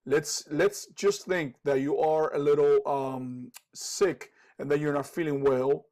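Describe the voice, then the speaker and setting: A man with a Cuban Spanish accent teaches English in a relaxed lesson voice pitched a little high. He keeps checking in with "okay" and fills pauses with "um". He repeats each example sentence more than once. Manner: repeats example sentences slowly, frequent okays and ums. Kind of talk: casual spoken lesson.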